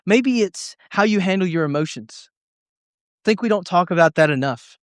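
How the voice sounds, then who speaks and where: A man's voice: high voice, lively intonation, normal speed, dry recording, clean studio sound. Earnest young male youth pastor. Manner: earnest, emotional storytelling with many restarts. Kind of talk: sermon.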